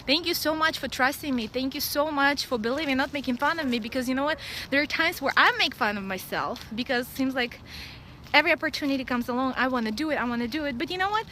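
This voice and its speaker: Russian-accented woman in her 30s, high and bright, outdoor phone vlog, faint background noise. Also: fast, rough recording. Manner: blunt, excitable, laughs often. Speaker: vlogger. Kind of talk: casual live vlog. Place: outdoors at a dog park.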